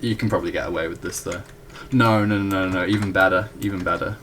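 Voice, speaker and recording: Speaking fast in a deep, steady, slightly bright voice, a young adult student tutor walks casually through a math proof on a whiteboard. He's chatty, keeps fixing his own mistakes, and adds apologetic asides, all over slight background noise.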